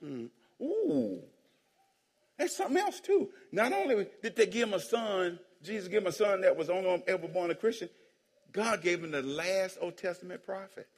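A man's voice: sits high, fairly quick. Joking preacher man in a reverberant hall. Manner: playful preaching, calls for amens and jokes with the crowd. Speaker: pastor. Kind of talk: sermon. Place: church sanctuary. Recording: long hall reverb in a church.

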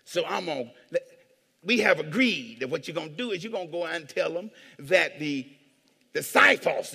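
A man preaching a sermon as pastor, animated, acting out voices and swinging between hushed asides and shouts. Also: a little high, normal speed, gravelly. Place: church hall with long reverb. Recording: reverberant hall.

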